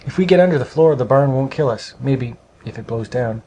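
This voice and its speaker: A man reading aloud, voicing a timid young farm boy who talks in a quavering, excited way in a storybook. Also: mid-range voice, brisk, a little hiss or hum, lightly acted.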